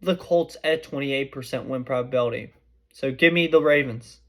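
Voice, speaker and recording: On his podcast, a young man makes casual sports predictions at a medium pitch and normal speed. His style is talkative and excitable, with frequent mid-sentence self-corrections.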